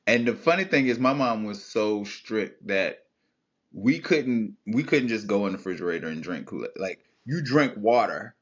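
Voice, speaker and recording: A man guest on a podcast, telling childhood stories in a casual, heartfelt conversation, reflective and animated by turns. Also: on the low side, moderate pace, highs cut off. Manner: storytelling, reflective, animated when recalling childhood.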